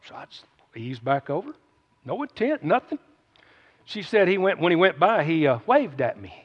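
A man's voice: a little high, very animated, moderate pace. A man, reading scripture and then preaching in a folksy, joking way with asides to listeners, speaking through a runny nose. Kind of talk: Bible reading and sermon. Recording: muffled, with long reverb.

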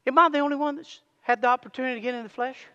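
Male preacher, sermon, bright tone, long church-hall reverb. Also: very high voice, fairly even intonation, smooth, dull audio. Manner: calls for amens, reads scripture slowly, jokes with the congregation. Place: church sanctuary.

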